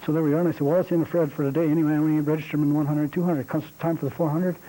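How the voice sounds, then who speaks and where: A man's voice: a little high, flat delivery, racing, warm tone, slight background noise, rough recording. A man, a coach, telling a rambling, folksy story to a group, with many restarts. He speaks with a Canadian accent. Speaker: coach giving a talk. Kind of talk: storytelling speech.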